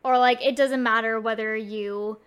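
A young woman chatting casually about video games, relaxed and full of fillers. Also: on the high side, normal speed, clear, resonant tone. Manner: relaxed, filler-heavy, drawn out.

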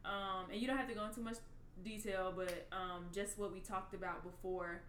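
A woman hosting a casual faith conversation who affirms her guest and asks gentle questions. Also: mid-range voice, fairly even intonation, normal speed. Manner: affirming, encouraging interviewer. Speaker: podcast host. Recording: echoey room, faint noise.

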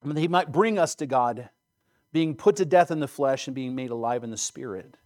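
A man's voice: medium pitch, a little fast, a little mellow. Man reading scripture dramatically in a sermon. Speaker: preacher.

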